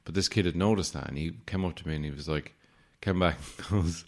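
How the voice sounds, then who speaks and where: This podcast host has a bass voice and talks a little fast, with hardly any pauses. He's a man in his late twenties or thirties spinning casual stories in a monologue, wry and sarcastic, with mock-formal asides tossed in.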